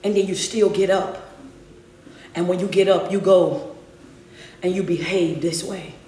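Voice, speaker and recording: A woman's voice: fairly low pitch, steady tone, a little slow, warm tone, reverberant, a little hiss or hum, voice pushed down, natural voice. A woman speaking as God, scolding doubting believers with stern rhetorical questions. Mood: reproachful.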